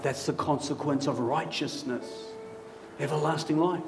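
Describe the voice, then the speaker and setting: A male pastor preaching a sermon in a church, telling a story vividly with dramatic pauses. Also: fairly high pitch, slight background noise. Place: church hall.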